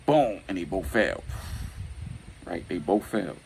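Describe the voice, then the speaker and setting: A man with a low, gravelly voice spins a rough street tale in casual, slang-heavy talk. He moves quickly between narration and quoted dialogue, over a faint background hiss. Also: rough recording. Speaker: storyteller.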